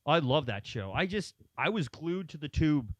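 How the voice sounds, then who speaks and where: A man with a somewhat high voice tells long, rambling stories in a casual chat and acts out the people he quotes. The sound is dry and close, with no room echo. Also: very animated, normal speed. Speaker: podcast co-host.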